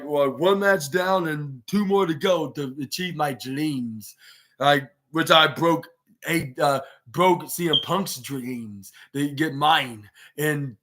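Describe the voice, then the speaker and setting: Higher-voiced man recapping a match. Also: a bit bright. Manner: blow-by-blow retelling, acting out wrestlers' lines. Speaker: podcast host. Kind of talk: solo wrestling match recap.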